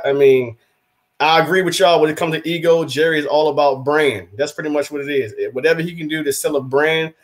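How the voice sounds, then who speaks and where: Fairly high-voiced sports talk man. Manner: rambling, animated, acts out quotes. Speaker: podcast co-host, rival team's fan.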